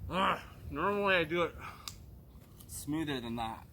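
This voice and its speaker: A man's voice: mid-range voice, a little slow, fairly bright tone, a little hiss or hum. A young man rambling casually to his camera outdoors on rural land, loose and self-deprecating. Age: young adult. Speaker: vlogger.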